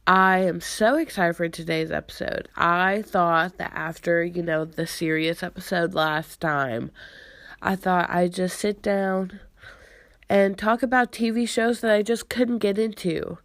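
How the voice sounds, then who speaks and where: A young woman hosts a laid-back podcast, unhurried and stretching out her words. She is stuffy and congested from a cold, and she lets out sarcastic, exasperated sighs. Her voice sits close and dry, with no room around it. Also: on the low side, steady tone, no echo. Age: young adult. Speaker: podcast host. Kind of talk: casual chat.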